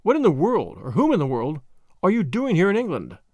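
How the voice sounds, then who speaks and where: Man doing a witty bored young noblewoman, teasing and airy, lilting high voice, storybook reading. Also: huge pitch swings, a little fast, darkish tone, dry recording, clean studio sound, full character voice. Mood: arch, teasing. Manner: gay, teasing, airy delivery.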